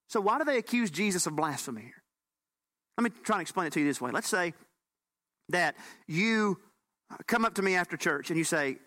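Delivering his sermon from the pulpit, a pastor speaks fairly quickly with long pauses, his voice pitched high and bright. He keeps it lively and folksy, adding bits of humor.

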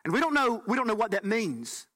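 A man preaching from the pulpit, his voice pitched high and bright. He delivers the sermon in an animated, folksy way with touches of humor. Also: fairly quick. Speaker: pastor.

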